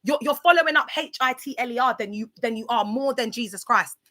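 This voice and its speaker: A woman talks bluntly on a casual livestream. Her voice sits fairly high and sounds bright and forceful. She repeats herself a lot and keeps calling out to viewers by name. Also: quick pace.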